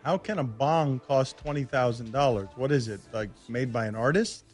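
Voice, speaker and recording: A man hosting a sports talk radio show, arguing in animated, rambling tangents. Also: mid-range voice, moderate pace, faint music behind. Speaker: radio host.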